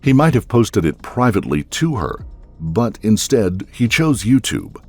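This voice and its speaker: A male narrator reads a true-crime script in a measured storytelling manner. His voice is very low and husky. His pitch still rises and falls a lot. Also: big pitch swings, a little mellow, faint music behind.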